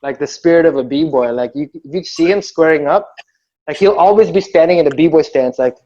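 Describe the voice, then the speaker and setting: A man's voice: fairly high pitch, a little fast. A man telling a story in casual chat on a video call, rambling and acting out quotes with laughter. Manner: rambling, animated, acts out quotes with yelling and laughter. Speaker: b-boy crew member telling a story. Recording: muffled video call audio.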